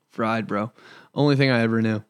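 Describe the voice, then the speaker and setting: A man's voice: on the low side, clear, resonant tone, no echo, studio quality. A man in his twenties from Indiana, hosting a casual solo podcast with rambling, profane storytelling. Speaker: podcast host and comedian.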